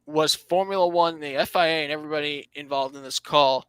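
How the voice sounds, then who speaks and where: Bright-voiced man hosting a racing podcast. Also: a little high, steady tone, fairly quick, few pauses, smooth, dry recording, poor audio. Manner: reads out standings, restarts phrases, dry sarcasm. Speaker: podcast host. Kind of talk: casual motorsport podcast talk.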